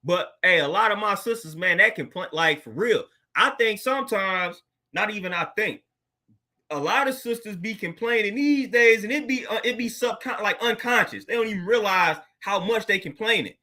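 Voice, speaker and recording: Male host, casual talk, high pitch, bright, laid-back slang delivery. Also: normal speed. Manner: laid-back, conversational, laughs often, street slang. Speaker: podcast host. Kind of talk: casual monologue commentary.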